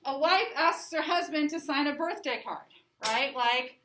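A woman gives a class lecture in a high, fairly bright voice at a measured pace, keeping things conversational. She often checks in with her listeners with "right?" and "okay?", and she sounds distant in an echoey room.

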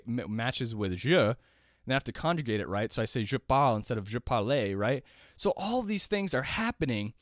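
A man explaining jazz piano in a loose, chatty lesson, checking in with his students again and again. His voice sits at an everyday middle pitch. The sound is close and dry, with no room around it. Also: no room sound. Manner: talkative, repeats "right?" often. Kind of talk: casual spoken lesson.

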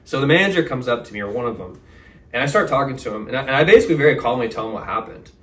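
A young man, a podcast guest, telling a story in a casual, animated way, full of slang. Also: medium pitch, very fast. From Texas. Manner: animated, slangy, says "bro" and "like" a lot. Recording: roomy, mic at a distance.

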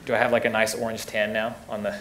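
A man's voice: fairly low pitch, completely flat delivery, fast talker, bright, forceful tone, slight background noise. Joking, conversational young male youth pastor. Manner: conversational, joking, repeats words when restarting. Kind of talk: casual teaching talk to teens.

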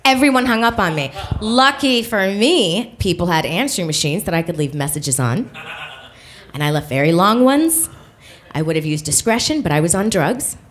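A woman performing live stand-up comedy, telling a story with lively delivery and acting out other voices. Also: mid-range voice, moderate pace. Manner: animated storytelling, acts out voices. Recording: live show with faint noise.

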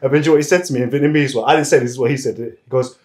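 A man's voice: medium pitch, rapid-fire, darkish tone, reverberant, poor audio. A man working as a massage therapist, chatting casually and laughing often while he massages. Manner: laughs often, loose slangy storytelling.

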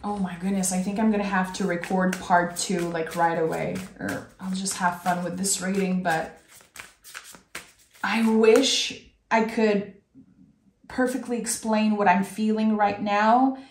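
A woman's voice: mid-range voice, steady tone, a little slow, a little hiss or hum. Emotional woman tarot reader, echoey room. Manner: effusive, talks straight to the viewer. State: emotional, close to tears. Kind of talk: tarot reading to camera.

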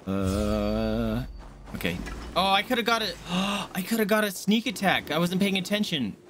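A young man streaming a game live, swearing and panicking in excitable outbursts. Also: high-pitched, a little slow, slight background noise. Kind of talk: live gameplay commentary.

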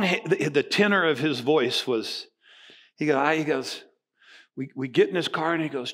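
A man's voice: fairly high pitch, moderate pace, bright, forceful tone. An older man in his sixties, a pastor from Nova Scotia, telling a story in a sermon and acting out the voices of the people in it. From Nova Scotia, Canada.

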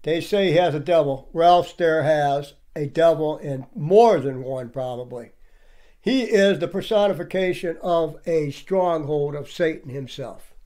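A man's voice: fairly high pitch, a little slow, dark tone. A man giving indignant, preachy commentary over clips and firing off rhetorical questions. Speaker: online commentator.

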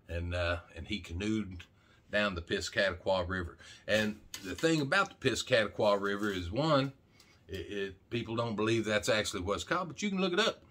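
A folksy man from Arkansas, USA, whose voice is bright and on the low side, hosts a channel and delivers rambling, casual vlog talk. He jokes around and speaks directly to the camera, saying "man" a lot.

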